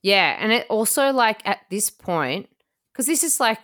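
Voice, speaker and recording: A woman's voice: mid-range voice, animated, unhurried, a bit bright. A woman hosting a casual chat podcast, sarcastic and swearing freely, mocking people in silly quoted voices. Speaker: podcast host.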